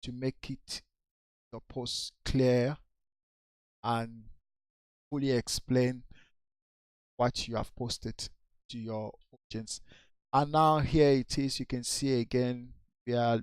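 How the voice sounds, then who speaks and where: A man slowly reviewing an account's social media posts, repeating his advice in a coaching way. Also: mid-range voice, smooth, dry recording. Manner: slow, repetitive, coaching. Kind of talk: casual screen-share review.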